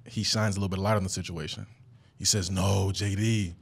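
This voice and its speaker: A young man hosting a podcast, telling a story in a casual, animated way and leaping up in pitch when he acts out quotes. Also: a little fast, gravelly, husky. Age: young adult. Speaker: podcast host. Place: studio.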